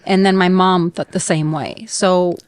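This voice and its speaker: A middle-aged woman with a somewhat low voice talks in a gentle, supportive, casual way. The sound is dry and close, with no room echo. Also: fairly even intonation, a little slow, clear, resonant tone. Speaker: podcast host, mother. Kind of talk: candid podcast conversation.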